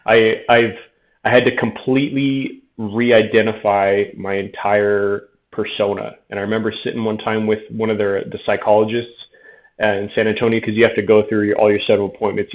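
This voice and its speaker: A man's voice: fairly low pitch, level tone, a little fast. A man in his thirties, a veteran guest telling his story frankly in a casual interview, often quoting himself. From Tucson, Arizona. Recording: tinny phone-like audio.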